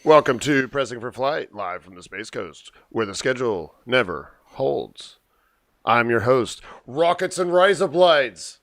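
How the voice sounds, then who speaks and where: A man's voice: medium pitch, animated, a little slow, a bit bright, no room sound, clean studio sound. A man hosting a casual podcast chat, rambling with lots of fillers and frequent laughs. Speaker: podcast host.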